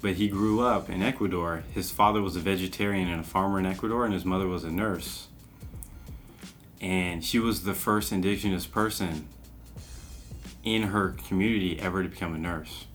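A man's voice: deep voice, moderate pace, a bit bright, soft background music. A young man co-hosting a casual podcast, talking in a laid-back, rambling way and laughing at his own slips. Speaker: podcast co-host.

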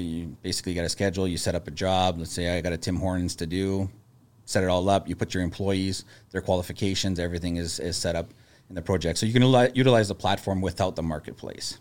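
A man, a business owner, talking in a casual podcast chat and telling stories in a calm, level-headed way. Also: low voice, fast.

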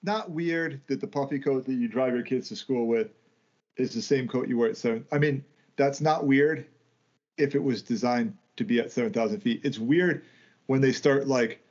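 A man's voice: mid-range voice, moderate pace, a little mellow. A man co-hosting a podcast in casual conversation, ranting with plenty of swearing. He stumbles and restarts his sentences as he goes. The sound is dull and lo-fi. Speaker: podcast co-host. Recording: dull lo-fi audio.

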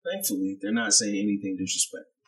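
A man's voice: on the low side, flat delivery, fast talker, a bit bright, low-quality recording. A man co-hosting a podcast, telling a story in casual chat, acting out the people he quotes and swearing freely. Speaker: podcast co-host, chef.

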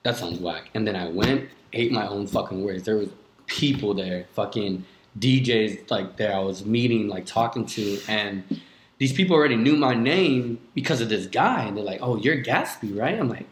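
Here the young DJ's voice sits lowish and sounds expressive at a moderate pace. Still loose and casual as a podcast guest, he swears often and leans on "like," and the echoey room comes through.

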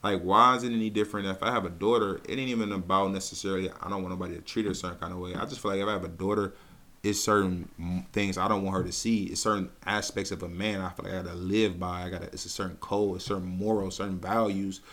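Young male podcast co-host; casual, joking, rather low voice. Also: fast talker. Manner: relaxed, joking, talks through his points at length. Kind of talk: casual chat.

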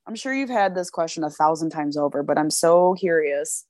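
A woman's voice: sits low, lively intonation, moderate pace, darkish tone, no room sound, studio quality. A woman hosting a podcast, chatting in a bubbly, playful way and laughing often. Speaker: podcast host. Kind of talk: casual podcast chat.

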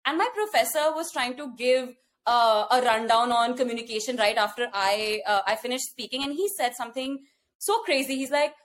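High-voiced Indian woman, animated talk. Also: moderate pace. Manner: animated storytelling with frequent fillers and restarts. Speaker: podcast co-host. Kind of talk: casual chat.

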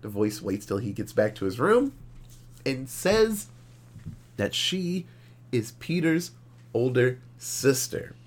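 A man co-hosting a podcast, recapping a horror movie in animated, profane, casual storytelling. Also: mid-range voice, slow, long pauses. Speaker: podcast co-host. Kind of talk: casual movie review chat.

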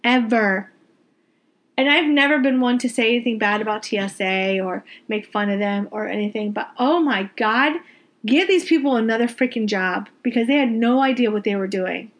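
A woman's voice: on the high side, moderate pace. A woman telling a story casually, exasperated and venting, swearing freely and repeating words for emphasis. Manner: animated, emphatic repetition. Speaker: vlogger telling a travel story.

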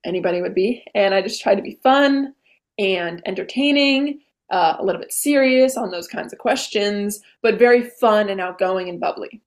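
A young woman in her late teens talks as a podcast guest, bubbly and animated, retelling what happened in quick chatty bursts. Her voice sits at an ordinary middle pitch for a woman. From Vermont. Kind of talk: casual interview storytelling.

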